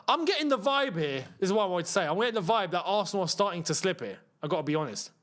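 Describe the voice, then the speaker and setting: Young lad hosting a football watchalong. High, bouncy voice that jumps up to shouts at every big chance. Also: male voice, very fast. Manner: excitable, shouts at missed chances, banters with chat. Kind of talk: live match watchalong commentary.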